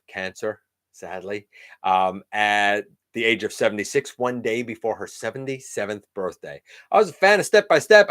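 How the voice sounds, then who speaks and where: A man's voice: fairly low pitch, fairly bright tone, clean tone. A middle-aged man hosting a live stream, chatting casually and greeting viewers by name. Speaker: host of a live toy-collecting show.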